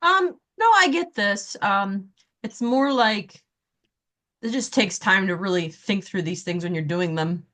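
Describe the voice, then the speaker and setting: A woman's voice: mid-range voice, measured pace, fairly bright tone. Thoughtful woman answering on a call. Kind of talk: casual chat.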